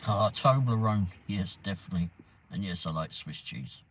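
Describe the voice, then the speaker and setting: An English man hosts a casual livestream from a car around town, rambling as he chats and answers viewers' comments by name. He has a deep voice with a breathy edge and a moderate pace, and the audio is poor.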